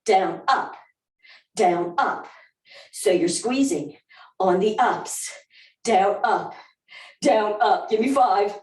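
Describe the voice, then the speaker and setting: A barre instructor with a Southern US accent speaks at medium pitch, slowly, with long pauses. She coaches a live workout upbeat, with whoops and counts, recorded from a distance in a roomy room.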